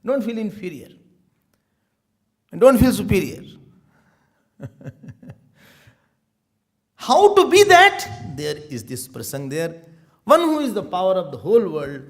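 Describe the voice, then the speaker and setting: A man giving a sermon as a spiritual teacher, telling stories in an animated way and laughing often. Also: sits high, slow pace, pauses often. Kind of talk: sermon with storytelling.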